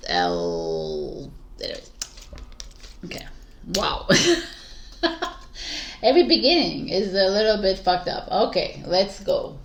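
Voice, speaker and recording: A woman's voice: on the low side, gravelly, a bit bright. A woman doing tarot intros who keeps laughing, stumbling over her words and swearing casually. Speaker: tarot reader. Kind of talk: casual blooper chat.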